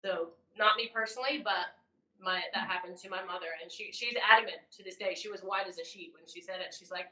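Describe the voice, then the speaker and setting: Bright-voiced woman telling a ghost story. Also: mid-range voice, a little fast. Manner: animated storyteller, swings between loud and hushed. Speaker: podcast co-host. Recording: roomy, distant mic.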